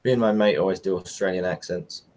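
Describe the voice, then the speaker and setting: A man's voice: deep voice, fairly even intonation, fast, darkish tone. A man, chatting casually and jokingly as a podcast host.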